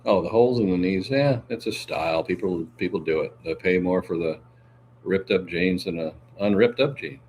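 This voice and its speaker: A man's voice: sits low, moderate pace, darkish tone, a little hiss or hum. A man hosting a casual livestream, reading viewer comments aloud with a joking manner, lots of laughs and filler sounds.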